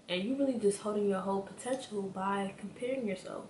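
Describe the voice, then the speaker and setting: A woman giving a casual, animated motivational talk straight to her viewers as a spiritual vlogger, repeating her points for emphasis. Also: mid-range voice, fairly quick. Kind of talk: casual motivational rant to camera. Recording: echoey room with faint background hum.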